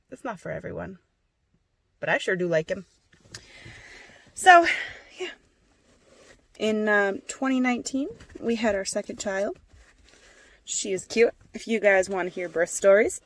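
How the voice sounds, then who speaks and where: With a mid-range voice and a little hiss or hum in the audio, a woman in her twenties tells a casual story about her own life for her vlog. She comes across as chatty and self-mocking.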